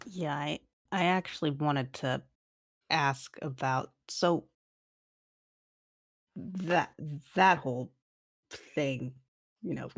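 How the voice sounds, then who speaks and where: A woman playing her character in a tabletop game, asking things in a dry, wry, deliberate way. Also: low-pitched, no echo. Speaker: tabletop player. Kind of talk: in-character roleplay.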